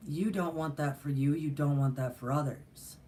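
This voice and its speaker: A woman's voice: deep voice, normal speed, dark tone, slight background noise. A middle-aged woman telling a personal story in a rambling, earnest way, with many fillers and restarts. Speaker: spiritual teacher and channel host. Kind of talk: casual storytelling monologue.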